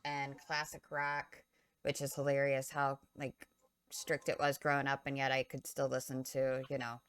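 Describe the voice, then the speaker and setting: A woman with a notably low voice chats loosely on a podcast, wandering off her point and correcting herself as she goes. The sound is close and dry, with no room around her. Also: monotone, moderate pace, a bit bright, smooth, no room sound. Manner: rambling, loses her train of thought; filler-heavy, self-correcting. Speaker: podcast co-host. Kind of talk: casual live-stream chat.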